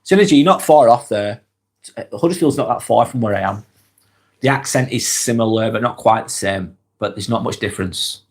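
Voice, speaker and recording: A man with a Lancashire accent, hosting a casual live stream while he has a head cold, talking in a relaxed, earnest way and reading viewers' comments aloud. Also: on the low side, moderate pace. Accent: Lancashire English. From Lancashire, England. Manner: relaxed, earnest, rambling with fillers and sighs.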